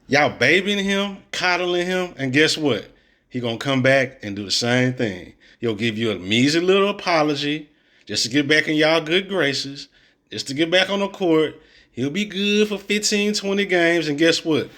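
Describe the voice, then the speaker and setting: A man's voice: a little high, pushed and bright. A man reacting to a coach's press conference clips, blunt and exasperated, full of slang and mockery. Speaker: sports commentator reacting to clips. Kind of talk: opinionated reaction commentary.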